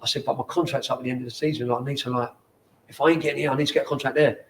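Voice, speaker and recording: A man in his forties with a London accent, a former footballer telling stories in casual chat in a bar, animated and swearing often. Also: mid-range voice, racing, a little hiss or hum. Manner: animated, swears often, acts out quoted people. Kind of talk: casual storytelling.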